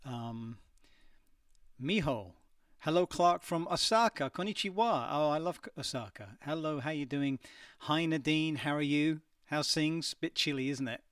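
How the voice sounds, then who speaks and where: A man's voice: on the high side, a little slow, clean tone, no room sound, recorded from a distance. Chatty man a little off-mic in a dry studio. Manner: chatty, hesitant, many ums. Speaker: singer hosting a live stream. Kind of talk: casual livestream chat reading viewer messages. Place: his home studio.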